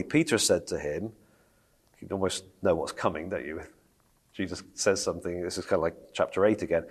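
A man's voice: sits low, fairly quick, breathy edge. A man teaching a Bible study in a conversational way, reading scripture aloud and asking the group questions.

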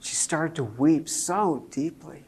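A man's voice: on the high side, slow pace, husky. A man preaching a sermon to a congregation, telling a family story and building to emphatic points. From Jewish believer speaking to a congregation. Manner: storytelling, animated, rising to emphatic peaks.

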